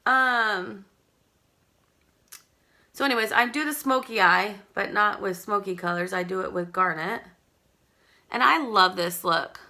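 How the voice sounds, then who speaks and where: Bright-voiced chatty woman doing makeup. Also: medium pitch. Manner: chatty, rambling, talks to viewers by name. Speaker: makeup seller demonstrating products. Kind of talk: live makeup tutorial chat. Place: at home.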